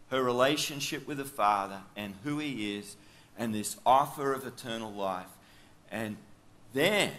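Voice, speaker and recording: A man's voice: fairly high pitch, a bit bright. A man with an Australian accent preaching a sermon in a chatty storytelling way, full of asides. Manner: chatty, with frequent asides and fillers.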